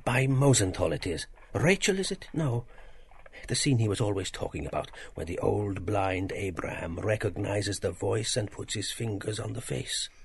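A man's voice: fairly low pitch, expressive, normal speed, gravelly, slight background noise. An actor playing a polite, reflective middle-aged man who muses aloud with hesitations.

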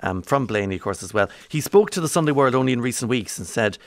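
An Irish man from County Monaghan hosting a morning radio show, chatty and rambling, swinging from bright to low. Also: expressive, fast talker, no room sound. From County Monaghan, Ireland. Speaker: radio host. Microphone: studio microphone.

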